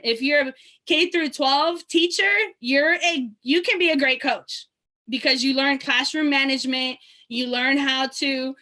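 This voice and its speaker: Woman basketball coach, bright and forceful, casual panel talk. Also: sits high, fairly even intonation, unhurried. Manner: conversational, many fillers. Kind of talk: panel discussion.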